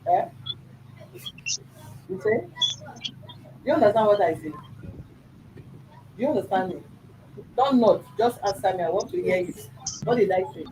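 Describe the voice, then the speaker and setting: A man's voice: high-pitched, noisy background. A man, hosting a mediation and firmly questioning a child, repeating his questions. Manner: firm, probing, repeats questions. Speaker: mediator host. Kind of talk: questioning a child in a family dispute.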